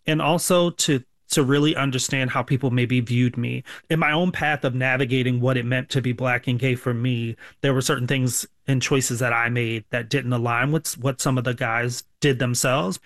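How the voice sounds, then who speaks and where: Flat, measured man, radio interview guest. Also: medium pitch, dry recording, clean studio sound. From Baltimore, US. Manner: measured, reflective, a few restarts. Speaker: sociology professor, interview guest.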